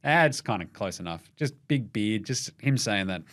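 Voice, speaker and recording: Lively, rowdy Australian sports podcaster man. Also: on the low side, normal speed. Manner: rowdy, sweary, jokey, does silly voices. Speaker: podcast host. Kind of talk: casual sports chat.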